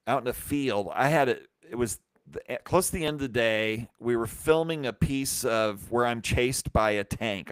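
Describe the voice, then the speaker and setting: A man hosting a live stream, telling a rambling, animated anecdote full of restarts and acted-out quotes. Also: medium pitch, smooth, dry recording, studio quality. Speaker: brewery company host. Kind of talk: casual storytelling on a live stream.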